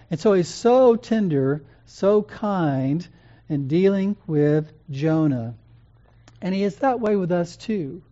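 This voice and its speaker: A preacher giving a sermon in an earnest, gentle and measured way, pausing and restarting phrases. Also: medium pitch, animated. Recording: dull lo-fi recording.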